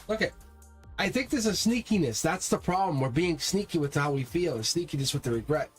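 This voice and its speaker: A man's voice: fairly high pitch, animated, brisk, husky. Man, tarot reader, emphatic, talks right at viewers, faint music in the background. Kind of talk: live-stream tarot reading.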